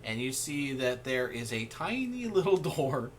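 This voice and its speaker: A man's voice: mid-range voice, sing-song, unhurried, a little hiss or hum. A man running a tabletop game as game master, rambling with fillers and laughing often. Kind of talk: narrating a tabletop game over an online call.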